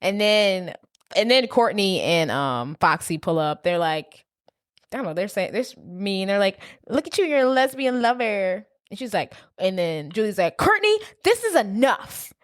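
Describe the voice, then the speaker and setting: A woman's voice: medium pitch, animated, moderate pace, clear, resonant tone, no room sound, clean studio sound. A young woman co-hosting a podcast, recapping a film in a laid-back way, swearing freely and laughing often. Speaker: podcast co-host. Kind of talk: casual movie recap chat.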